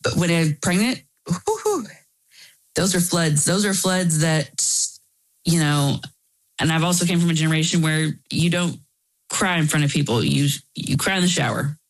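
A woman guest in an interview, earnestly telling a personal story with quick asides. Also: deep voice, poor audio.

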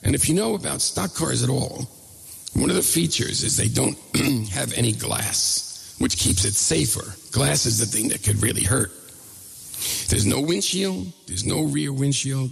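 A middle-aged man telling a comic story in an animated, self-mocking way. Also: mid-range voice, a little slow. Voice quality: gravelly. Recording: long reverb hall.

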